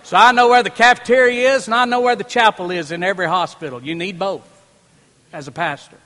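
Higher-voiced man preaching in a reverberant hall. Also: fairly even intonation, a little fast. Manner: storytelling, swings from hushed to loud preaching. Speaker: pastor. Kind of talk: sermon with personal story. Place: church platform before a congregation. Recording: long reverb in a large hall.

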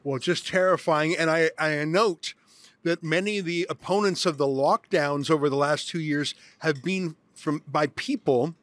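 A man in his fifties who hosts and interviews people at a conference, talking briskly and with emphasis. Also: on the high side, a bit bright. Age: 50s. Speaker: host.

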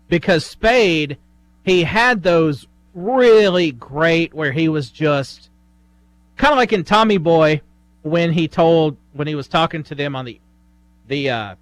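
Co-host dude, kinda high voice, stops and starts hunting for words, dry studio. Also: male voice, lively intonation, no echo. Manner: halting, searches for words, storytelling. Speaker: radio show co-host. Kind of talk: casual talk radio banter. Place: radio studio.

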